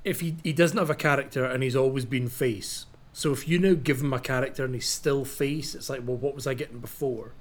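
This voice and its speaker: A man at an ordinary middle pitch talks on a podcast. He is hesitant, often restarting his sentences as he thinks aloud. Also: fairly quick, few pauses. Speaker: podcast co-host. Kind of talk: casual chat.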